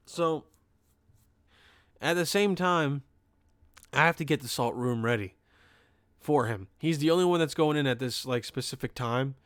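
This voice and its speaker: A young man from Pennsylvania hosting a podcast, telling a funny story in a rambling, profane, animated way. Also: medium pitch, measured pace, long pauses, dry recording, studio quality. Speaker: podcast host. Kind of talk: comedic storytelling.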